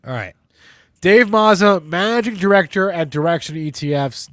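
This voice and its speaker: A man's voice: a little high, a little fast, a bit bright, no echo, clean studio sound. A man hosting a live market show, congested with a stuffy nose and rambling in a self-deprecating way. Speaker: livestream host.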